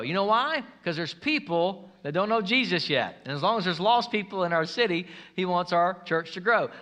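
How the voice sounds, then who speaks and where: Male pastor, emphatic storytelling sermon, bright tone. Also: high voice. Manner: energetic, emphatic preaching with storytelling. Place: church sanctuary.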